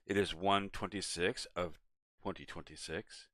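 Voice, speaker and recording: Low-voiced, bright male streamer, chatting. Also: a little slow, dry recording. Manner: relaxed, rambling, talks to chat and his cat. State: yawning, tired. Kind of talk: casual live-stream chat.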